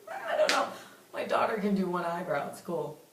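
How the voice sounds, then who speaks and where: A woman's voice: fairly low pitch, wildly swooping pitch, distant mic. Teasing woman podcast host. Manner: teasing, quick reactions. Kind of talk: casual podcast chat. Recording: roomy with faint noise.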